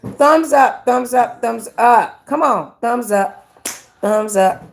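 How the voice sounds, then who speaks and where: A woman hosting a casual live stream, chatting with her viewers as "y'all" and reading numbers out slowly. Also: fairly high pitch, steady tone, gravelly, slight background noise.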